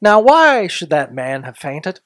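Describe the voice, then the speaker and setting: A man hosting a story podcast, reading a classic tale aloud in a deliberate, sometimes hushed way. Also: a little high, very animated, no room sound. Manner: slow, deliberate, softening into hushed tones. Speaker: story reader and podcast host.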